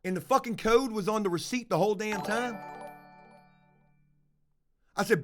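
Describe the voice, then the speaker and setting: A man's voice: sits high, fairly quick, long pauses, faint music behind. A man hosting a livestream, telling a rambling story in a casual, profane way and acting out both sides of the dialogue. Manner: profane, animated, acts out dialogue. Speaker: livestream host.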